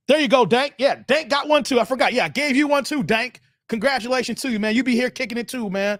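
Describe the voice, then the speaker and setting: A man's voice: extremely high pitch, quick pace, few pauses, a bit bright, no echo, clean studio sound. A man hosting a live stream, casually reacting to a clip and reading out viewer donations with a playful, joking manner. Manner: playful, laughs often, talks to chat.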